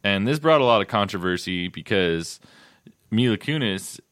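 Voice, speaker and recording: Laid-back lower-voiced man on a podcast. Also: lively intonation, moderate pace, fairly bright tone, clean tone, no echo. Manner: laid-back, dry joking. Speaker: podcast co-host, news reader. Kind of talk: casual chat.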